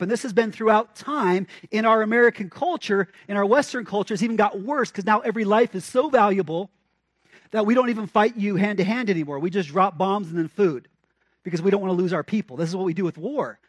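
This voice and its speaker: A man delivering a sermon in a conversational yet emphatic way, with questions thrown at the congregation and phrases repeated for weight. His voice sits high for a man. The sound is close and dry, with no room echo. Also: fairly quick. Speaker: pastor.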